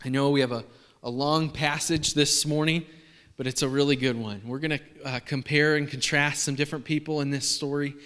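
A man's voice: a little high, fairly even intonation, fairly quick, a bit bright, smooth. A man preaching a sermon to a congregation in a casual, joking way with lots of fillers. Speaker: pastor. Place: church hall. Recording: long reverb of a large hall.

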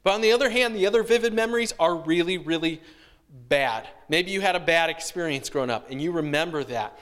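A man preaching a sermon, telling a childhood story with lively acted-out voices before turning to scripture. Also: a little high, brisk, long reverb tail. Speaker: pastor.

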